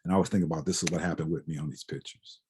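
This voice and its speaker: A man's voice: very deep voice, steady tone, rapid-fire, a little mellow, slight background noise. A man giving a reflective, conversational lecture as a guest photographer, often tagging his points with "right?". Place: lecture hall.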